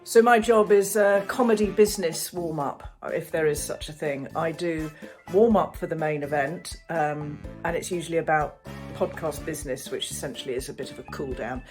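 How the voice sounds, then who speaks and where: A woman with a lowish voice does a playful, self-mocking warm-up from home. Faint guitar music plays behind her. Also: normal speed. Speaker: podcast producer. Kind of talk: casual scripted warm-up.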